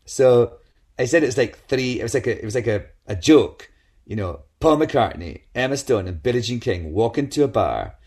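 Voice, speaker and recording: Man telling animated stories. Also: medium pitch, normal speed. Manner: lively anecdotal storytelling with quoted voices. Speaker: guest. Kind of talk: casual chat.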